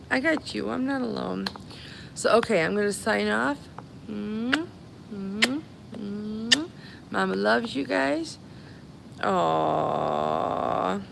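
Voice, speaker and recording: A woman stuck at the airport after her flight was cancelled chats casually with her live-stream followers on her phone, warmly calling them honey and babies. She sounds a little high, with vocal fry, against a noisy background.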